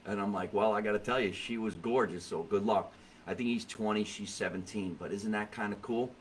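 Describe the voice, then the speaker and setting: A middle-aged man hosting a comedy podcast, telling stories in a jokey, animated way with quoted voices. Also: on the low side, a little fast, poor audio. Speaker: podcast host. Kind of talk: comedic casual chat. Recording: faint background noise.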